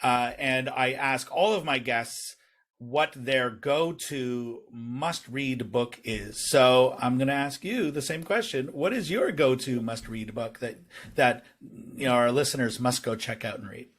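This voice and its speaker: A man hosting a podcast interview, talking in a relaxed way with many ums and you-knows. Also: mid-range voice, unhurried. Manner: relaxed, uses many fillers like um and you know. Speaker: podcast host.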